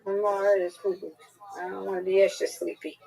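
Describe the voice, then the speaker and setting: A woman on a video call chatting casually and telling a story in a lively, colloquial way. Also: mid-range voice, fairly quick, gravelly, husky, rough recording. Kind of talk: casual chat.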